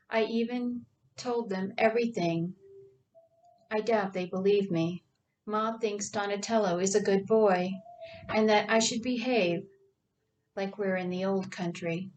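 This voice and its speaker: A woman's voice: medium pitch, measured pace, a little mellow, far from the mic, a little hiss or hum, close to an everyday voice. A woman voicing a sarcastic, bitter young woman who speaks in a dry manner. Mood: wry.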